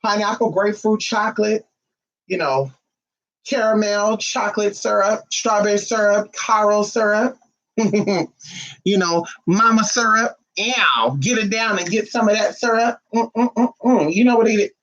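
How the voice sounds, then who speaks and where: A sassy vlogger chats loosely with viewers, cursing freely and flying up into shrill high bursts. The voice sits at a middling pitch and sounds set back from the mic. The recording is dull and lo-fi. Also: normal speed, fairly bright tone, recorded from a distance. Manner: sassy, brash and profane, with sudden high outbursts. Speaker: spiritual vlogger. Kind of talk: casual chat to viewers.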